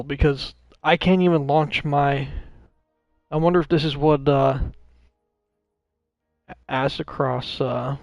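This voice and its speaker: Frustrated gravelly man streaming a game. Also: fairly high pitch, steady tone, takes it slowly, no room sound, faint music behind. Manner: frustrated, swearing, rambling. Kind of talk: live gameplay commentary.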